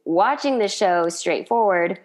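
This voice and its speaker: A woman's voice: mid-range voice, animated, unhurried. A woman in casual chat, animatedly retelling a sitcom scene and laughing often.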